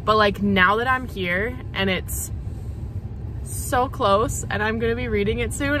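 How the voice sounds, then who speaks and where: A young adult woman vlogging in a car, gushing with breathless excitement and laughing often. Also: fairly high pitch, unhurried, slight background noise. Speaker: book vlogger. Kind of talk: excited casual vlog chat.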